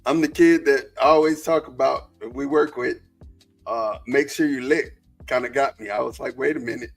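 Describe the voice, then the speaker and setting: A man hosting a live sports podcast in a relaxed way, calling breaks and picks. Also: mid-range voice, normal speed, creaky, faint music behind. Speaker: podcast host. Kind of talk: casual sports chat.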